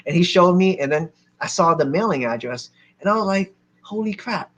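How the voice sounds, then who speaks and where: A man from Philadelphia telling a lively story to a seminar audience as a real estate investor, acting out the people in it. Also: fairly high pitch, brisk. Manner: animated, acts out other people's lines.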